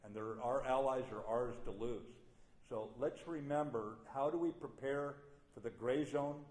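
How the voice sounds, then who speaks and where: A man's voice: mid-range voice, measured pace, a little mellow. An older man giving a plainspoken after-dinner speech, telling a war story with dry humor. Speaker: guest speaker. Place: banquet hall. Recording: roomy hall sound.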